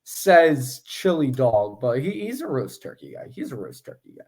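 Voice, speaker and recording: A man's voice: mid-range voice, big pitch swings, normal speed, a little mellow. A man co-hosting a casual sports podcast, chatty and joking, with many fillers and restarts. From Philadelphia area. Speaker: podcast co-host.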